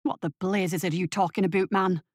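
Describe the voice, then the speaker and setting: A woman voicing a gruff, practical male thief who talks bluntly and dismissively, in a storybook reading. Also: lowish voice, fairly even intonation, a little fast, darkish tone, no room sound, studio quality, natural voice.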